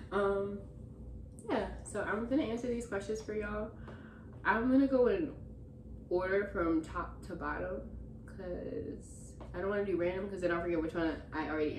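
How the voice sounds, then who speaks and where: A young woman chatting casually in a vlog Q&A, relaxed and slangy, in a room full of stuffed animals. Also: on the low side, slight background noise. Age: young adult. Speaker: vlogger. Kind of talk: casual Q&A chat. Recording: roomy echo.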